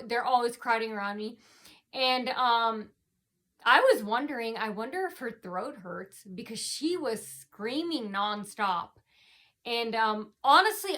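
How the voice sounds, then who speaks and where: Woman rambling thru a vlog story, lots of um and uh, high voice, keeps trailing off. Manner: halting, lots of fillers and restarts, trails off quietly. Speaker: vlogger. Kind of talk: rambling personal account.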